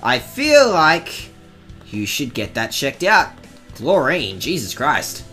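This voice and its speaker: A woman's voice: a bass voice, very animated, fairly bright tone, soft background music. A woman commenting casually on a game as a let's-play host, profane and sarcastic. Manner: profane, sarcastic, slow drawling.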